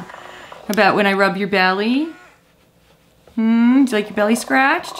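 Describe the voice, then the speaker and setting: A woman's voice: mid-range voice, slow pace, pauses often, a bit bright, faint music behind. A woman in her thirties hosting a casual toy review vlog, chatty and playful, cooing at a toy kitten.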